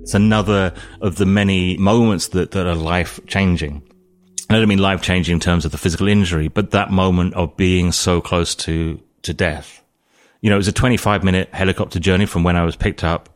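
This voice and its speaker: Deep-voiced calm British man. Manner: calm, thoughtful storytelling. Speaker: guest. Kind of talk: reflective interview talk.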